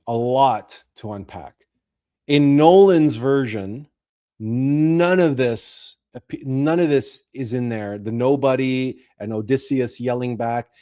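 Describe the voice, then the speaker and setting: Guy hosting a show, walks through an old story nice and slow, mellow tone. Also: medium pitch. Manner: deliberate, explanatory storytelling. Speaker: host. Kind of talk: commentary and retelling of a classic story.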